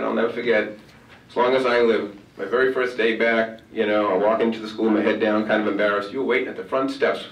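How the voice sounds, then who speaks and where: A man's voice: medium pitch, creaky, natural voice. A man playing a grown man, once an angry troubled kid, who talks casually and swears while thanking an old mentor. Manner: casual, tough-talking, swears. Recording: roomy hall, far from mic.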